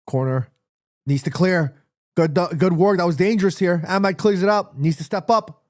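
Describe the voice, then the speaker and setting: A man commentating live on a football match for his stream, reacting excitedly and shouting at players. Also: high-pitched, dry recording, studio quality. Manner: repeats himself, quick restarts. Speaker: watchalong streamer.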